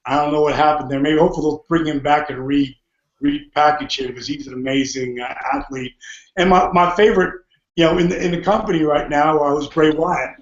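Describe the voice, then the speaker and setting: This podcast guest has a voice on the high side, steady in tone and a little fast. He tells his story with lots of energy, frequently laughing and acting out people's lines, and the audio comes across muffled and roomy.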